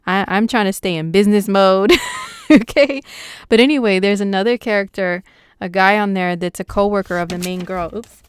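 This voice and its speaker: A young woman astrologer chatting casually about the week's horoscope in an excitable, slangy way. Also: medium pitch, normal speed, clean tone, no echo.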